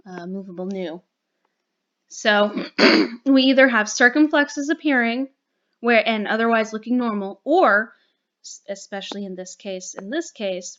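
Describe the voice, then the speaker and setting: Female teacher, unhurried and explanatory, checks understanding often; muffled home recording with faint hiss. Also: mid-range voice, fairly bright tone. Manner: patient, explanatory, frequent "okay?" and "right?" checks. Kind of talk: recorded grammar lesson.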